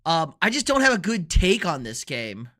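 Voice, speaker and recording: A young man with a bright, forward voice runs a live football picks stream. He talks in a loose, rambling way and reacts to viewer chat as it comes in. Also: on the high side, very animated, normal speed. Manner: casual, rambling, reads and answers viewer chat. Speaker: sports show host.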